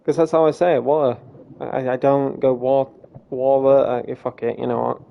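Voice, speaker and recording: A man's voice: medium pitch, brisk, gravelly, dull audio. A young man streaming a game, rambling casually with self-deprecating laughs. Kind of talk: casual live gameplay chat.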